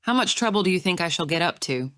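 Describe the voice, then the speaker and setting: A woman voicing a sharp-tongued young lady in an audiobook, smug and wry with poised composure. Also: on the low side, lively intonation, fast, no room sound, clean studio sound, pitched above the performer's own voice. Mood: exasperated. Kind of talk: audiobook character reading.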